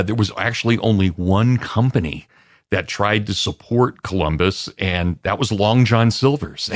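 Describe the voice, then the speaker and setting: A man answering interview questions as a guest historian, in an expansive, lecturing way with lively emphasis. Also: deep voice, no echo, studio quality.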